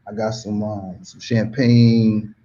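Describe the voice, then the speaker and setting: A man from the United States, a guest telling a story in a casual, animated, slang-heavy way, often saying "you know what I mean.". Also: on the low side, slow pace, highs cut off.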